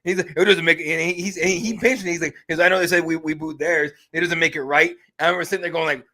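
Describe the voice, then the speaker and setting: A man hosting a casual podcast, telling stories in an animated, profane way. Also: fairly high pitch, fast. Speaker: podcast host.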